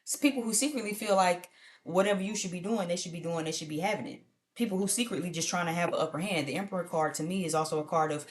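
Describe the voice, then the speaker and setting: Woman reading tarot, low voice, blunt and profane, chatty, faint noise behind. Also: quick pace. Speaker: tarot reader. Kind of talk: casual tarot reading to viewers.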